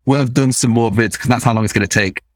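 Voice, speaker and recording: A man's voice: medium pitch, dry recording. Dry-miked English man, Nottingham London twang. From Nottingham, England. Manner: dry, self-mocking, quick asides. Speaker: guest, video creator. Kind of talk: casual interview chat.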